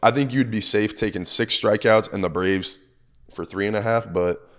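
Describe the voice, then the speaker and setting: A hoarse man co-hosting a sports betting show, chatting casually and upbeat about his picks. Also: lowish voice, normal speed, a bit bright. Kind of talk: casual chat.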